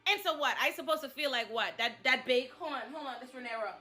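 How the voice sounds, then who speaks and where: A woman giving casual TV recap commentary in an expressive, profane, slang-filled way. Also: high-pitched, fast talker, soft background music. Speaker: pop culture commentator.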